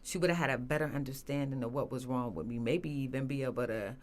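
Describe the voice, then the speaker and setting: A woman telling her personal story as a guest, earnest and halting, with many restarts and fillers. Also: extremely low pitch. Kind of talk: emotional personal testimony.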